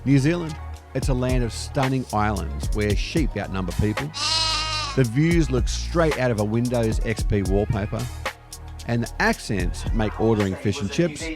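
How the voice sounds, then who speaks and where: A man's voice: mid-range voice, animated, normal speed. Chatty Australian man over music. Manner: upbeat and chatty, full of slang. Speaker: expat vlogger host. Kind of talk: scripted narration. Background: background music.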